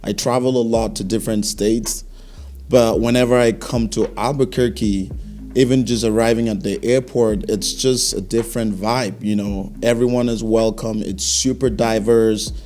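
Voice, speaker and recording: A man from Cameroon, a fashion business owner talking as a guest in a casual interview, friendly and measured with some hesitation. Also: fairly low pitch, steady tone, a little mellow, faint music behind. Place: local talk show studio.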